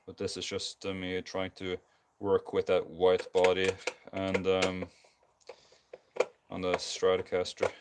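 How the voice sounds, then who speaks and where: A man's voice: low-pitched, completely flat delivery, slow, long pauses, a little hiss or hum. A tired man with a Scandinavian accent, rambling casually with many ums and restarts while building a guitar live. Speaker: streamer. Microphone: basic non-professional mic.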